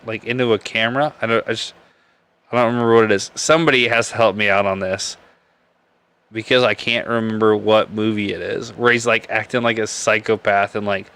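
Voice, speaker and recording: A man's voice: fairly low pitch, a bit bright. Rambling crude beer-podcast guy. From Nebraska. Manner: rambling, crude and joking, laughs often. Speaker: podcast host. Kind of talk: casual live-stream beer chat.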